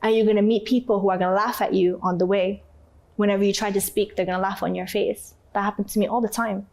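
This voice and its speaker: A woman from North Africa, an interview guest, telling her story in a candid, emotional and animated way. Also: mid-range voice, quick pace.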